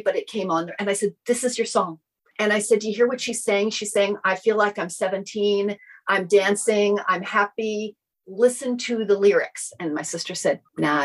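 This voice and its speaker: Husky woman telling an animated story. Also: medium pitch, poor audio. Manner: animated, acts out quoted dialogue. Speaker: guest sharing a personal story. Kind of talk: casual storytelling in an interview.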